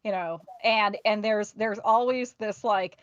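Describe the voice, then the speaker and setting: A woman's voice: medium pitch, a little slow, dry recording. Frank woman on a dull, dry recording. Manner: lively, frank, laughs often, acts out quotes. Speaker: podcast host. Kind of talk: casual chat.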